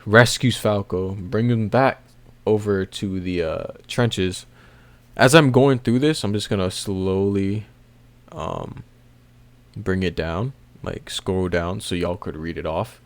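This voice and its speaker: Slow, low-voiced man rambling a manga recap. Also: dry recording. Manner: rambling, with many fillers and soft laughs. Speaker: manga recap video host. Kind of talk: casual chapter recap commentary.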